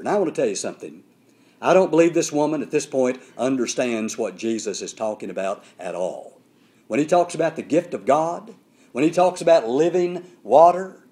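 A male preacher delivering a sermon, emphatic and repetitive, slowing down to stress his points. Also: a little high, dark tone.

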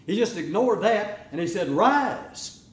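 Middle-aged preacher guy, really animated sermon, kinda high voice, echoey church sound. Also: normal speed. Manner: animated, acts out whining voices.

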